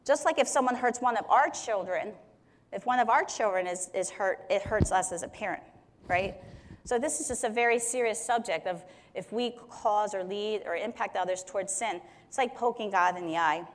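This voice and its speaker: A woman's voice: medium pitch, normal speed, slight background noise. A woman teaching on Scripture in a conversational way, explaining verses with everyday examples. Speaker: Bible teacher. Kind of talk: Bible teaching talk.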